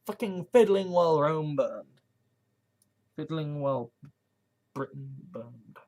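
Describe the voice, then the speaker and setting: Rambling, halting vlogger with swooping pitch. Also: expressive, a little mellow. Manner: rambling, halting with frequent restarts and nervous laughs; swearing, earnest and agitated. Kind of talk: casual monologue vlog.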